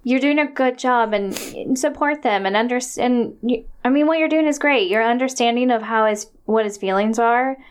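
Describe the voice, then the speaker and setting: A woman's voice: a little high, normal speed, few pauses, clear, resonant tone. A woman co-hosting a casual chat, encouraging and reassuring the listeners, often restarting her sentences. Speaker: podcast co-host.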